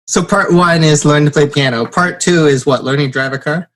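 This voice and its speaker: A man's voice: on the high side, a little fast, fairly bright tone, a little hiss or hum. A man hosting a podcast in casual chat, playful and teasing with his guest. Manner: playful, teasing, jumps into silly voices. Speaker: podcast host.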